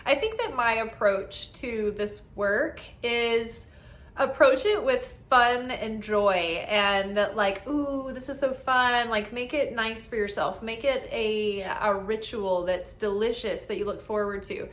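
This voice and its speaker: A woman's voice: mid-range voice, slow, a bit bright, echoey room. A woman giving casual spiritual guidance as an oracle card reader, chatty and upbeat, often tagging "right?" onto her thoughts.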